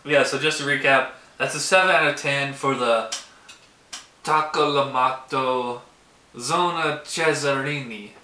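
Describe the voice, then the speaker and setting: A man reviews a beer in a loose, rambling way, filling gaps with "like" and "um." His voice sounds very bright and forceful. The room around him is echoey. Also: mid-range voice, moderate pace, slight background noise. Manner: rambling, heavy use of "like" and "um". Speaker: beer reviewer, show host. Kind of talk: casual beer tasting review. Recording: roomy echo.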